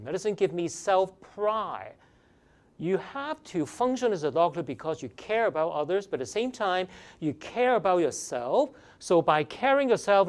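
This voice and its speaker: A pre-med admissions advisor giving a seminar lecture, emphatic, repeating key phrases and firing off rhetorical questions. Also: mid-range voice.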